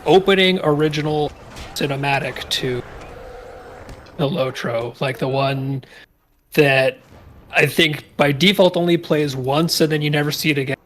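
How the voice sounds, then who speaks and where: Lightly high man explaining game lore. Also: unhurried, long pauses, fairly bright tone, a little hiss or hum. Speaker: gamer co-host. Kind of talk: casual voice-chat banter while gaming.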